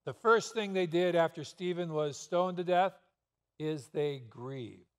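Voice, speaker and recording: Slow, reverberant preaching man. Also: on the high side, smooth. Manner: preaching with rhetorical questions and sudden emphasis. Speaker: pastor. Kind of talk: sermon. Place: church sanctuary. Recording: long reverb of a church hall.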